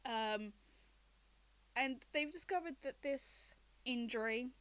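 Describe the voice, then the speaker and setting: A woman running a tabletop game as game master, recapping the story in a relaxed, chatty way. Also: on the high side, slow.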